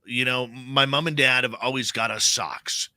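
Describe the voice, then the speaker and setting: Male radio host, casual heartfelt chat, very bright tone, dry close studio sound. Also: medium pitch, steady tone, normal speed, dry recording. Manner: conversational, heartfelt, says "man" a lot.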